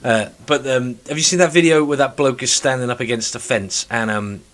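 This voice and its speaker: A man in casual chat, telling stories with loud mocking impressions and frequent swearing. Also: medium pitch, fairly quick. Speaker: podcast co-host.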